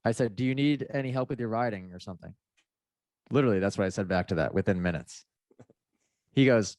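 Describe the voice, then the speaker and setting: A man's voice: lowish voice, fast, long pauses, a little mellow, dry recording. A man, a mindset coach guesting on a podcast, telling a story casually, laughing and acting out the messages he quotes.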